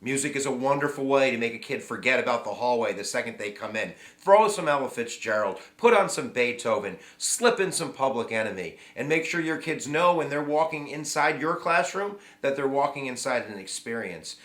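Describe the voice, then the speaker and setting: A middle-aged man hosting a casual video lesson, chatty and energetic with plenty of fillers and asides. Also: mid-range voice. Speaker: history teacher and video host. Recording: echoey room.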